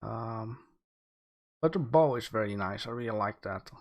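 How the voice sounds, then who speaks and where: A man hosting a livestream, giving relaxed art feedback with many fillers, thinking aloud as he goes. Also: fairly low pitch, unhurried. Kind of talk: casual livestream commentary.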